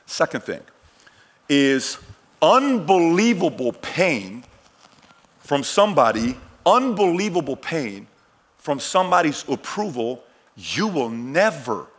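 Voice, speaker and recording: A middle-aged man telling personal stories in a motivational talk, swinging from hushed lines to shouted ones. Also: medium pitch. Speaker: keynote speaker.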